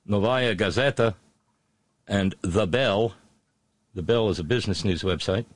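A man giving casual, sarcastic news commentary, halting with many fillers and restarts. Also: on the low side, dry recording. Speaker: political commentator.

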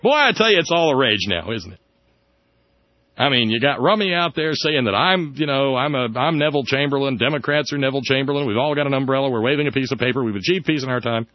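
A sarcastic male radio host delivering a satirical monologue. His voice sits at a middling pitch. The sound is dull, lo-fi and dry, from a studio. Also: animated, fast, no room sound. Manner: sarcastic, jumps into high mocking tones. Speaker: radio talk show host.

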